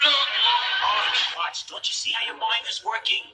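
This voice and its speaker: A young actor playing an earnest son-in-law who lectures insistently. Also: male voice, extremely high pitch, slow pace, over music, poor audio. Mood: lecturing.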